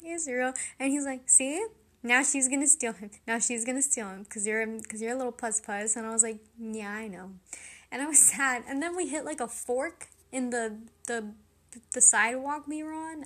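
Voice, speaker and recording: Young female podcast host, high voice, chatty and giggly storyteller. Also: fairly bright tone. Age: young adult. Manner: chatty, giggly, self-deprecating, many fillers. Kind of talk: casual storytelling monologue.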